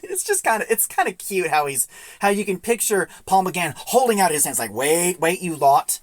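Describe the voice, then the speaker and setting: A woman's voice: medium pitch, sing-song, a little fast, no echo. A young woman casually recapping and reviewing an audio drama, retelling scenes in a chatty way with many asides.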